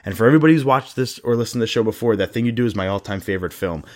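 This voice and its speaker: A man co-hosting a casual podcast, ranting as he tells a story with animated frustration. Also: on the low side, rapid-fire. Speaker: podcast co-host. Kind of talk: casual chat.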